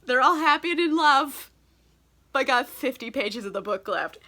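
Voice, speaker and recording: A young book vlogger, a little tipsy from wine, recaps a novel for a casual comic vlog in a high, expressive voice with a sharp tone at a moderate pace. She laughs often, swears freely and says "like" a lot.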